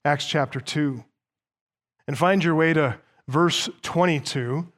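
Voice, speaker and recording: Higher-voiced man preaching with emphasis. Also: a bit bright. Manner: emphatic preaching, slows down to stress key words; reads scripture aloud and explains it point by point. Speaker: pastor. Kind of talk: sermon.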